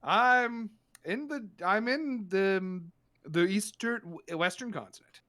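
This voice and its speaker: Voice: medium pitch, pushed and bright, pitched above the performer's own voice. A game master voicing a hesitant male doctor who halts and restarts while he answers. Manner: hesitant and slow, with halting restarts.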